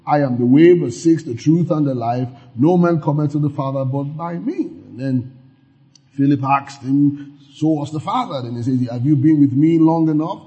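A man preaching a sermon, walking his listeners through scripture verse by verse. His voice sits fairly high but sounds mellow and warm, and he slows down to repeat key lines for emphasis. The recording is dull and lo-fi. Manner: explains scripture with slow emphatic repetition.

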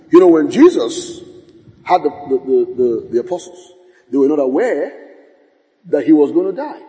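A man's voice: on the high side, a little mellow. Preaching man in a reverberant hall. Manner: preaching with dramatic quoted voices and laughter. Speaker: pastor. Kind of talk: sermon.

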